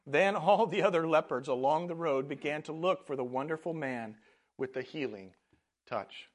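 A man's voice: on the high side, normal speed. A man preaching a sermon as a pastor, speaking earnestly. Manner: earnest, with frequent fillers and restarts.

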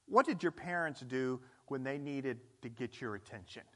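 A male pastor preaching a sermon in an animated, conversational way, acting out scenes as he goes. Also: medium pitch, normal speed.

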